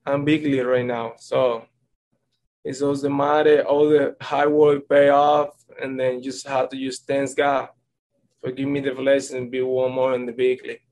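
Earnest young ballplayer rambling. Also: male voice, medium pitch, level tone, moderate pace, a little mellow, low-quality recording. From Dominican Republic. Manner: earnest, rambling, repeats "and then". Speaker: baseball player. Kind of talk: press conference answers.

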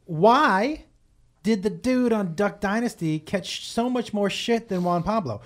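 Animated man teasing in banter. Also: high-pitched. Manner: teasing, quick interjections. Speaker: podcast co-host. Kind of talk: casual banter.

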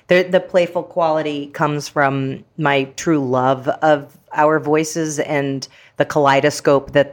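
A woman guest, an actress and author, talking in a chatty, playful way with many fillers in a casual interview. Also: low-pitched.

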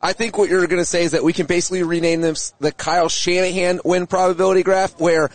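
A man co-hosting a sports podcast, an animated, self-mocking storyteller who argues his points. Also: high voice, fast, no room sound. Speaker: podcast co-host, sports writer. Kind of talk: casual sports podcast chat.

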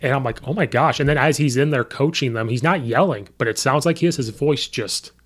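A podcast host who also coaches high school sports chats casually and tells coaching stories, quoting both his players and himself. His medium-pitched voice is brisk and fairly bright with a breathy edge, and it sometimes turns hoarse from coaching.

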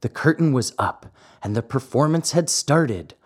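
A man reading a classic children's story aloud, slow and expressive. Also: mid-range voice, husky. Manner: slow, expressive, acts out the voices. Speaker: narrator.

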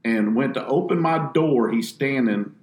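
A professional bass angler telling a story in casual talk, animating it by acting out the others. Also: male voice, unhurried, reverberant.

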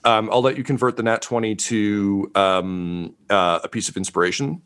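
Low-voiced man running a tabletop game. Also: moderate pace, clean tone. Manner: relaxed, many ums and uhs. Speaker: game master.

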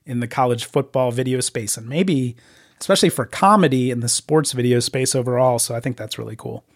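A man hosting a casual podcast interview, chatty and quick to laugh. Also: medium pitch. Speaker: podcast host.

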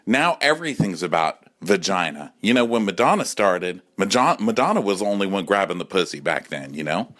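A man's voice: lowish voice, fairly bright tone. A man in his forties, drunk, delivering a campy, sassy comic rant that keeps slipping into acted-out voices. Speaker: caller leaving a voice message.

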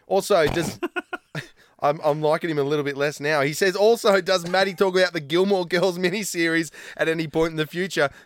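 A man's voice: a little high, fairly even intonation, a little fast, dry recording. A man co-hosting a casual podcast, reading out listener mail and teasing the others. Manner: laughing, teasing. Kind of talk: casual banter.

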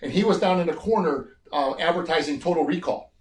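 An older man in his sixties spins stories from his bodybuilding days, slipping into the voices of the people he quotes. His voice sits a touch high. The room adds a noticeable echo. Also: brisk. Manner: animated storyteller, acts out quoted voices. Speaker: guest, former TV gladiator and bodybuilder. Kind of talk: casual interview storytelling.

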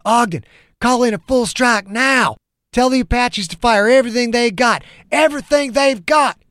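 A man voicing a hardened male soldier yelling urgently for an airstrike. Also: very high-pitched, normal speed, no room sound, studio quality, pitched above the performer's own voice. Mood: desperate. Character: hardened male soldier under attack, desperate.

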